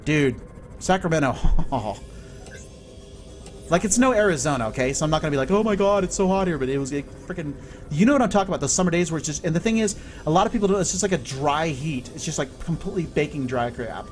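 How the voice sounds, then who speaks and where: A man from California chatting excitably and swearing casually while he streams a video game. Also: a little high, fast, faint music behind. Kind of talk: live gameplay stream chat.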